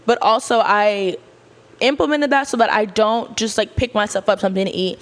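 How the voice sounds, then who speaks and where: A woman's voice: medium pitch, normal speed. A young woman hosting a podcast, talking casually and straight to her listeners with lots of slang. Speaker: podcast host. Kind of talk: casual chat.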